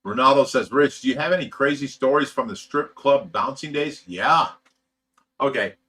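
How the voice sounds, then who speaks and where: A man's voice: mid-range voice, normal speed, a bit bright, breathy edge. A man hosting a livestream, telling a personal story in a blunt, profane, rambling way with many restarts. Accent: Ohio. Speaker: livestream host of a fish rescue channel.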